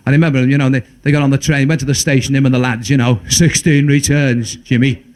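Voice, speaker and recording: A man's voice: medium pitch, fairly even intonation, rapid-fire. A man with a Liverpool accent doing a stand-up comedy routine, chatty and full of stumbling asides.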